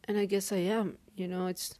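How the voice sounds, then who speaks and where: A woman talking through a halting, weary personal diary monologue, with many restarts. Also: mid-range voice, flat delivery, dark tone, no room sound. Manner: weary, downcast. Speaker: podcaster.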